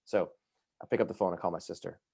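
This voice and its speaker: A man tells his personal story as a guest on a podcast, rushing through it with plenty of fillers. His voice sits very low and has a gravelly fry. The sound is mellow and dark, with no room echo. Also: studio quality. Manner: fast, lively, full of fillers like "you know" and "like".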